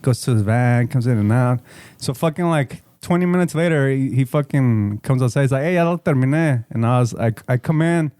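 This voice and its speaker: A man's voice: medium pitch, brisk, warm tone, no echo. A middle-aged man, co-hosting a podcast, telling a long story in a casual, profane, rambling way and slipping into Spanish. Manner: swears often, code-switches into Spanish, rambling storyteller. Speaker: podcast co-host.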